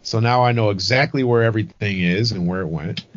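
A man's voice: fairly low pitch, a little fast, lo-fi sound, a little hiss or hum. A Scottish man co-hosting a casual podcast chat, insisting on being heard and swearing freely. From Scotland. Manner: insistent, talks over others, swears freely. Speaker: podcast co-host.

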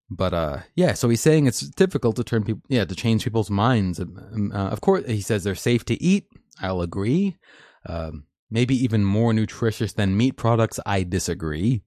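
Low-voiced man reading and ranting news. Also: a little mellow, dry recording, studio quality. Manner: chatty, opinionated, full of fillers and restarts. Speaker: host. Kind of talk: live news reading and commentary.

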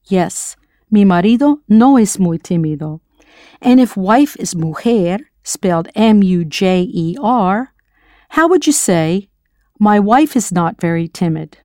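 An American woman leads a scripted audio language lesson, patiently encouraging the listener to answer her prompts. She is animated but takes it slowly, her middle-pitched voice dark in tone. The recording is close and dry, with no room sound.

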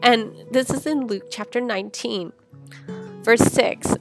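A woman's voice: a little high, a little slow, vocal fry, music in the background. Emotional woman sharing a devotional podcast. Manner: emotional, laughing and tearful while retelling scripture. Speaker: podcast host.

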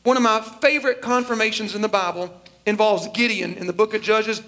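A man preaching a sermon, animated and joking as he acts out Bible characters in comic voices. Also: high voice, a little fast. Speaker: pastor.

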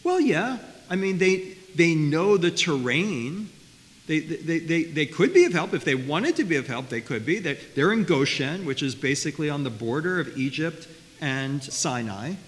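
Animated man teaching scripture in a reverberant hall. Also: fairly high pitch, moderate pace. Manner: animated, repeats words, asks questions of listeners. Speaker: Torah teacher. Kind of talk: lively Bible study lecture. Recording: faint hiss, long reverb.

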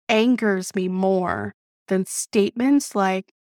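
Woman host telling a personal story, animated, cussing, mid pitch, dry. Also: very slow, dry recording. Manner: animated, swears freely, vents with laughter. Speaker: podcast host. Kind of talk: casual storytelling monologue.

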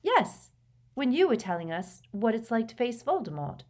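A woman's voice: fairly high pitch, big pitch swings, moderate pace, a little mellow, voice pushed up. A woman voicing an earnest, clever teenage schoolgirl in an audiobook reading, with a reproving, earnest manner. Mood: earnest reproof.

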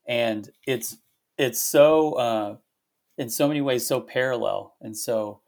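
A man hosting a devotional podcast, talking through a Bible passage in a reflective, halting way with many fillers. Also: medium pitch. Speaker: pastor and podcast host. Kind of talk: conversational devotional podcast talk.

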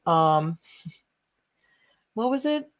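A young woman streams political commentary, rambling casually through online posts in an indignant, profane rant packed with fillers. Her voice sits on the low side and is sing-song, and she speaks extremely slowly.

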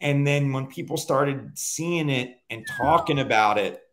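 A man talking as a guest on a casual podcast, relaxed and conversational, with frequent fillers. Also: mid-range voice, a little slow, noisy background.

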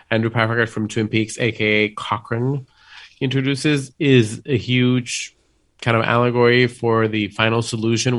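A man with a Puerto Rican accent co-hosts a loose film chat. His pitch sits mid-range, and he talks in quick animated bursts, often restarting a thought partway through. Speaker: podcast co-host. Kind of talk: casual film discussion.

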